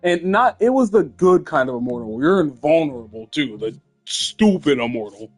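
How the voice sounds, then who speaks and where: A man's voice: on the high side, big pitch swings, normal speed, faint music behind. A young man hosting a casual, comedic chat, telling rambling stories full of swearing. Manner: crude, rambling storytelling with swearing. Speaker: host.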